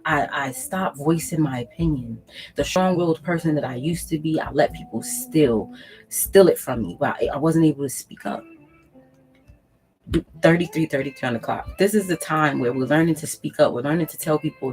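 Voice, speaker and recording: A woman's voice: deep voice, animated, moderate pace, a little mellow, soft background music, rough recording. A woman reading tarot on her channel, giving emphatic, preachy spiritual advice straight to camera, repeating phrases for weight and swearing casually. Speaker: tarot reader and channel host.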